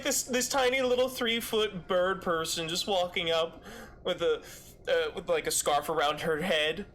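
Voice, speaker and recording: Fairly high-pitched and sharp in tone, this male streamer's voice comes with a little hiss or hum. He chats loosely while gaming, wandering off track and filling the talk with fillers and restarts.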